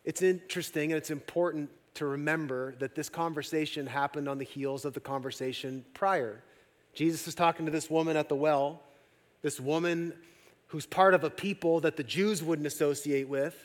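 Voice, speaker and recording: Man pastor preaching, kinda high voice, gets loud then goes real quiet, big echoey church sound. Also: steady tone. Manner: swings from loud emphatic peaks to hushed, slow appeals. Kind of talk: sermon.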